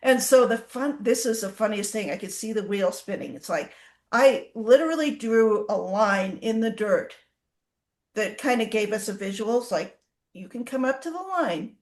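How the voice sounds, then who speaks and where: Animated woman horse trainer, echoey room. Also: medium pitch, moderate pace. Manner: animated, acts out horses' reactions. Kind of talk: casual storytelling in an interview.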